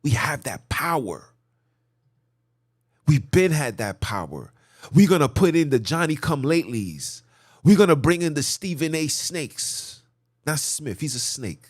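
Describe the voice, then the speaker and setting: Male vlog host, impassioned preachy commentary, highish animated voice, dry close sound. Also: a little slow, no echo. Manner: preachy, repetitive, rhetorical; mocking asides. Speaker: channel host.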